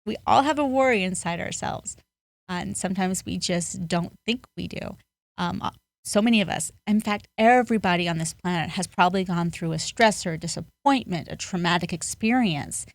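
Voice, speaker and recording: A woman's voice: lowish voice, moderate pace, vocal fry, no echo. A woman guest on a podcast, a life coach speaking in an earnest, motivational way with emphatic bursts. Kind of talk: podcast interview.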